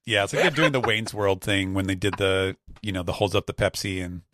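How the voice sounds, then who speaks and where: A man's voice: low voice, fairly quick, fairly bright tone, no room sound, studio quality. A man on a podcast panel giving amused, laughing commentary in casual chat.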